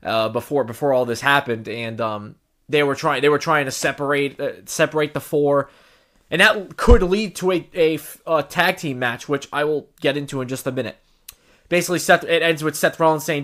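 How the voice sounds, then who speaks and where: A man's voice: fairly high pitch, normal speed, a bit bright. A man hosting his own podcast, recapping events in a loose, rambling way with many restarts and casual swearing. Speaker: podcast host. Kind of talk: casual solo commentary.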